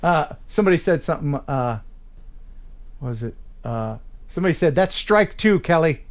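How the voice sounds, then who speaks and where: A man hosting a live drone show, chatting casually, upbeat and quick to laugh. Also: fairly high pitch, expressive. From United States. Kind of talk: casual live-stream chat.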